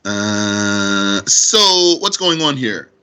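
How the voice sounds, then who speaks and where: Slow, bright-voiced male grammar teacher. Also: on the low side, very animated, smooth. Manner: slow, deliberate, repeats terms and asks rhetorical questions. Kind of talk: explaining grammar on a recorded lesson.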